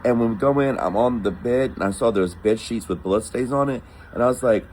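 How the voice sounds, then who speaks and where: The travel tale here comes in a medium-pitched, fairly quick voice, told casually and animatedly, with the people in it given acted-out voices. The recording is rough, with slight background noise.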